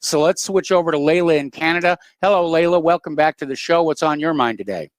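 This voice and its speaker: A man hosting a call-in radio show, dry, brisk and patient with callers. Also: a little high, no room sound. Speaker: radio host.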